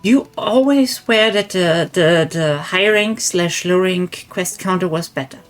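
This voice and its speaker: A woman with a slightly low voice streams a game and thinks aloud in easy chat with a friend. She muses over her choices between dry little jokes. Faint game music plays under her voice. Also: a little slow. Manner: musing, thinks aloud while playing. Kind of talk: casual gaming chat. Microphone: streaming setup.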